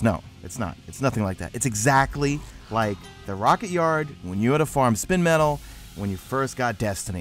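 Speaking a little fast in a medium pitch, a young gaming YouTuber with a New York accent talks through a game walkthrough over soft background music. He's sleepy and rambling but energetic, often making fun of himself.

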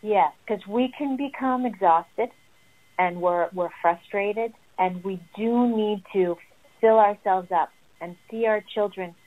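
A woman's voice: medium pitch, slow. Earnest woman therapist on a tinny line. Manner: earnest, emphatic teaching tone. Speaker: family therapist. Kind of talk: explaining parenting advice. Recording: tinny phone-like sound.

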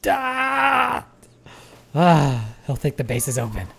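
Brief: woman streamer, low pitch with wide swings, excitable play-by-play, cusses freely. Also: measured pace, slightly rough. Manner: excitable, swears and laughs often, shouts when startled. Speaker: gaming streamer. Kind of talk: live gameplay commentary.

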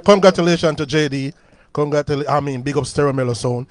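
A man's voice: a little high, fast. A Jamaican man hosting a sound clash on live radio. He is chatty, laughs often and repeats phrases.

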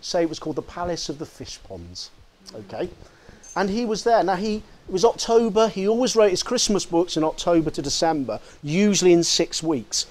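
A man delivers a lecture to an audience, with a voice a little higher than most men's. He talks in a lively, digressive way and breaks off to read quotes aloud.

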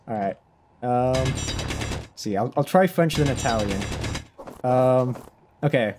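A man's voice: mid-range voice, lively intonation, takes it slowly, noisy background. A young man chatting casually while live-streaming a game, rambling, restarting his sentences and laughing often.

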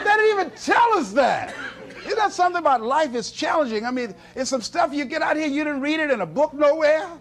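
A man's voice: extremely high pitch, noisy background. A man giving a motivational speech, telling stories and acting out his own self-talk. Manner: storytelling, animated, acts out self-talk. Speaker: motivational speaker.

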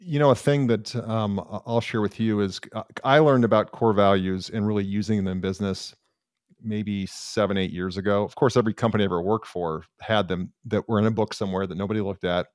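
Man, middle-aged host, reflective, hesitant, fairly low voice, dry recording. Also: fairly even intonation, fairly quick, no room sound. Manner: thoughtful, hesitant, soft affirmations. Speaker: podcast host. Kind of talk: reflective interview conversation.

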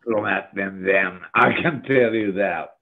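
With crowd noise in the background, an older guest musician's low-ish, unhurried voice comes through tinny, phone-like remote audio. He swears a lot while telling rambling stories in casual interview chat.

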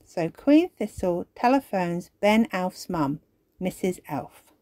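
A woman reading a children's story aloud in a slow, expressive storybook manner. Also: fairly low pitch. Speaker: storytime reader.

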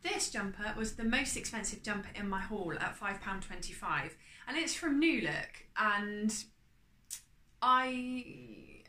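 A woman chatting casually as she shows off her charity shop clothes haul, upbeat and often trailing off quietly. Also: mid-range voice, slight background noise. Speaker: vlogger. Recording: echoey room with faint ambience.

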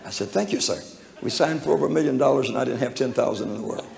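In a church hall, an older man preaches a sermon, telling a personal story in a folksy, chuckling way and acting out its voices. His mid-range voice is gravelly and quick, with crowd noise around him. The recording is echoey, with faint background noise.

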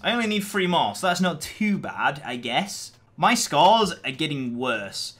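Excitable young man, bright lively voice. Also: a little high. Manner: chatty, self-mocking, excitable when rushed. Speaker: gaming channel host. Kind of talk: mobile gameplay commentary.

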